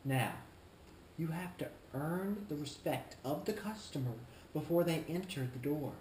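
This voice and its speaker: Comedic smug shoe clerk, played by a man, drawling slowly and talking down to everyone. Recorded with room echo. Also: fairly high pitch, animated, darkish tone, a little hiss or hum. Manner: slow, deliberate, condescending, smug. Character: smug, self-important male shoe store clerk. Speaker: shoe store employee character. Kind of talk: comedic vlog monologue. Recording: roomy echo, faint ambience.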